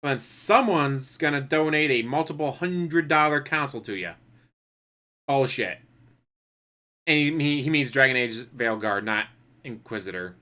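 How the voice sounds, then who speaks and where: A man's voice: medium pitch, lively intonation, normal speed, sharp tone. A man commenting over a clip, cutting in with blunt, profane, mocking remarks. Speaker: commentary channel host.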